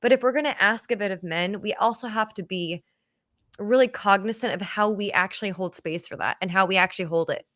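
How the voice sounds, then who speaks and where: Bright-voiced woman hosting a podcast. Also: medium pitch, a little fast, no room sound, studio quality. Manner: earnest storytelling, heavy with fillers like "you know". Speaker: podcast host. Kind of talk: casual podcast conversation.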